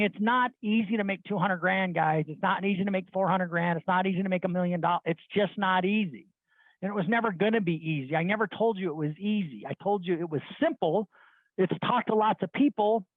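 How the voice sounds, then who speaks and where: A man's voice: sits high, no room sound. A middle-aged man and sales leader giving a blunt, rambling motivational talk to his team, often restarting his sentences. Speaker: sales leader addressing his loan officers. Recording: dry, tinny phone-like sound.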